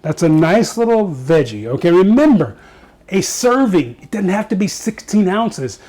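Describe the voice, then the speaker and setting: A man's voice: high voice, big pitch swings, moderate pace, warm tone. A man hosting a casual home cooking show, chatting to viewers and joking at himself as he cooks in his kitchen.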